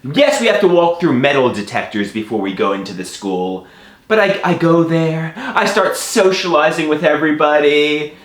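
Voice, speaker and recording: A man's voice: a little high, big pitch swings, moderate pace. A young man from Long Island telling an absurd comic story, breaking into sing-song chants and mouth sound effects. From Long Island, New York. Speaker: comedian. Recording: echoey room.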